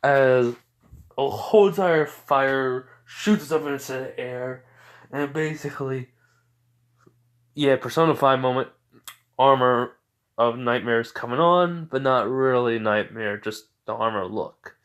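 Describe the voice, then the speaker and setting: A man's voice: mid-range voice, unhurried, a bit bright. A tired man improvising a fan fiction story aloud, rambling with lots of fillers and occasional stutters.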